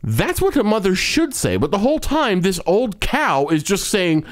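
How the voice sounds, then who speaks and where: Guy co-hosting a movie podcast, kinda high voice, bouncing all over, blunt and sweary. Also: huge pitch swings, moderate pace. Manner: blunt, profane ranting. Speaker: podcast co-host. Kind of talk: casual movie review chat.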